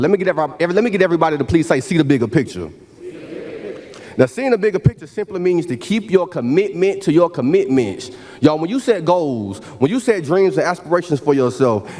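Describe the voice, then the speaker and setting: A man with a fairly high, darkish voice delivers a motivational keynote at a university ceremony in a large hall. He preaches in a call-and-response style and keeps saying "y'all."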